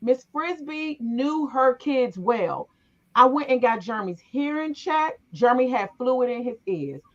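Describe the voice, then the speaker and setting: A middle-aged woman hosts a relaxed conversation, telling stories from her own family with lively energy. She acts out the voices of the people in them. Her voice sits a little high and sounds muffled and lo-fi. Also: measured pace. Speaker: podcast host. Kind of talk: casual conversation, storytelling. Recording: muffled, lo-fi recording.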